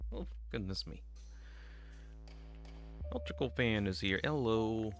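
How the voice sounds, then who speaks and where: A man's voice: on the low side, steady tone, takes it slowly, a bit bright, faint music behind. A man streamer chatting casually at home, laid-back and rambling with lots of fillers. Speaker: game streamer. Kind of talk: casual live-stream chat.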